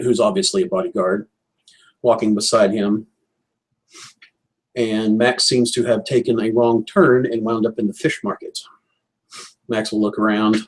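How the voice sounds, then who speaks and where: A man narrating as game master of a tabletop role-playing game, describing scenes in a measured, descriptive way. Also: fairly low pitch, husky, low-quality recording.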